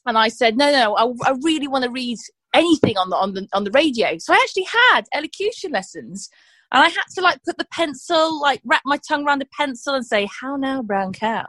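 A woman's voice: sits high, lively intonation, fast, fairly bright tone, no echo. A woman from Yorkshire who works as a radio presenter, chatting and telling stories with easy laughs. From Yorkshire, England. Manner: chatty, laughs easily, storytelling. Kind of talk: casual chat interview.

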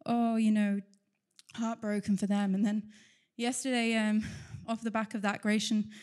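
A woman's voice: medium pitch, flat delivery, normal speed, darkish tone. A woman giving an earnest, chatty personal testimony at church, with light laughter. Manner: chatty, fills silences with talk. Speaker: church member sharing testimony.

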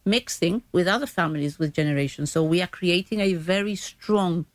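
A woman's voice: on the low side, moderate pace, dry recording. A woman, a diabetes educator guest explaining things patiently on a radio chat, often restarting her sentences.

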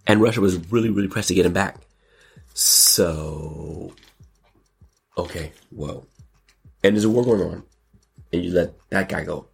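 A man hosting a casual commentary show, excitable and jokey, breaking into sudden squeals and exclamations. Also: sits low, a little slow, vocal fry, pauses often, slightly rough. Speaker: podcast host.

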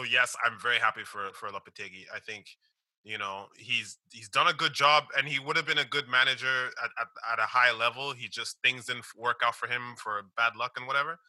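A man's voice: medium pitch, pushed and bright, dry recording, rough recording. A man co-hosting a casual football podcast, talking emphatically and laughing often. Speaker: podcast co-host.

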